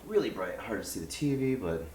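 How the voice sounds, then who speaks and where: A man's voice: on the low side, big pitch swings, a little fast, darkish tone, a little hiss or hum. Chatty man streaming a game. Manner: rambling, chatty, many fillers. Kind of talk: casual live game commentary. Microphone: desk mic. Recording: roomy room with game music.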